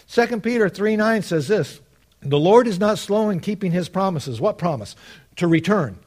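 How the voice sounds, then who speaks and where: A man delivering a sermon in a somewhat high voice. He reasons through scripture step by step. His delivery swings between hushed asides and loud, emphatic declarations. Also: animated, normal speed. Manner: argues step by step, quotes scripture. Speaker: preacher.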